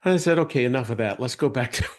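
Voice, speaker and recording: A man hosting an interview, affable and quick to agree with his guest. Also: mid-range voice, lively intonation. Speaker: interview host. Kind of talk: casual interview talk.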